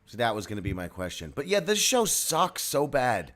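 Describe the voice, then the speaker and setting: A man of middle pitch jokes dryly in a casual chat. His voice moves a great deal, rising and falling with his sarcasm. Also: very animated, moderate pace, a bit bright. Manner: sardonic, joking. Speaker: podcast co-host.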